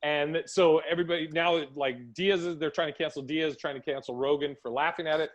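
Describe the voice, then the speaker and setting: Male podcast host, higher-pitched, casual storyteller who acts out quotes. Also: fairly even intonation, brisk, lo-fi sound.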